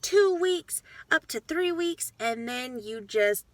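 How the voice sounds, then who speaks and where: A woman's voice: high-pitched, animated, slow. A woman talking casually to her viewers, blunt and frank, swearing freely and getting fired up as she lectures them. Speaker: vlogger. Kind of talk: casual talk to camera.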